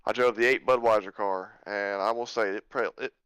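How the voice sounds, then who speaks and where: A sim racing league driver chats on a podcast in a fairly low, clear, resonant voice with a fairly bright tone, fairly even intonation, and a moderate pace. He tells stories in an easygoing way, and the recording is dry and rough.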